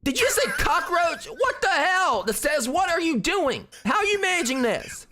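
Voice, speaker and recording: A man playing a horror game on a livestream, animated, exclaiming and teasing his friend. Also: very high voice, moderate pace. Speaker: livestream gamer. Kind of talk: casual gaming chat. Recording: faint game music behind the voice.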